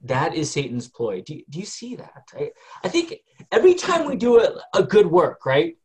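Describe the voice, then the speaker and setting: A man's voice: on the high side, wildly swooping pitch, moderate pace, darkish tone, husky. A man leading a group Bible study in a conversational way, often asking the group questions and using many fillers.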